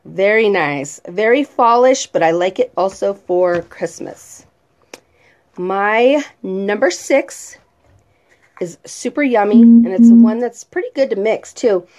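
A woman's voice: medium pitch, animated, takes it slowly, darkish tone. A woman vlogger chatting casually about her favorite products and reading their descriptions aloud. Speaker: vlogger reviewing home fragrance products. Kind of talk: casual chat.

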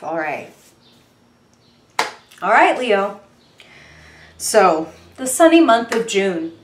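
A young woman chatting casually and excitedly through a tarot reading, full of fillers and quick apologies. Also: mid-range voice, roomy sound, slight background noise. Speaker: tarot reader.

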